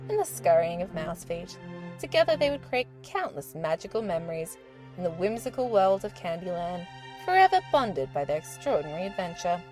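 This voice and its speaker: Gently and expressively, a woman reads from a children's storybook, her voice sitting at a medium pitch.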